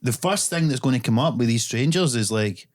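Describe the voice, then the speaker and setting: A Glaswegian man hosts a relaxed podcast chat. He talks in loose, rambling runs, swears casually and slips in dry jokes. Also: medium pitch, a little fast. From Scotland. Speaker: podcast host.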